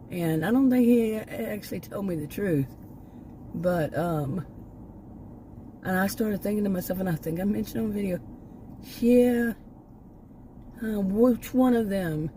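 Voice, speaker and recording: A woman's voice: mid-range voice, mellow, slight background noise, poor audio. An older woman from Texas, talking in a rambling, casual vlog with many restarts and asides, a little short of breath. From Texas, United States. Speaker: vlogger. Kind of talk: casual personal vlog talk.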